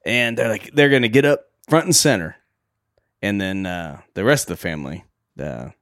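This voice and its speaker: A man's voice: fairly low pitch, normal speed. A man co-hosting a podcast, casually retelling a movie scene, acting out the characters' lines and laughing often. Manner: animated retelling, acts out lines, frequent laughs. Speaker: podcast co-host. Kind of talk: casual movie recap chat.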